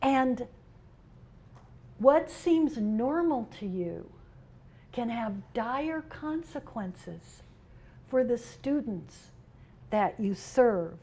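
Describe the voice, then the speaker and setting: A middle-aged woman speaks at a conference, with a fairly high voice. She is humorous and expressive, swinging between loud, playful asides and quieter serious points. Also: drawn-out words, pauses often, slightly rough. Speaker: union president giving a keynote. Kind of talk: conference speech with personal stories. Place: conference hall.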